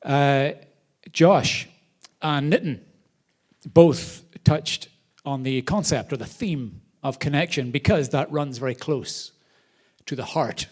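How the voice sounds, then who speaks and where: Man, charity host, live stage speech, mid pitch, animated storytelling, theater audience. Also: slow pace. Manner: animated storyteller, varied loudness.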